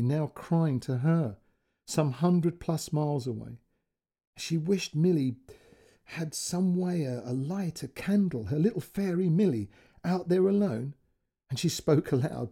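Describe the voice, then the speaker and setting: Brief: male storyteller, expressive story reading, gravelly and husky. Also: medium pitch. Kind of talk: scripted narration of a short story.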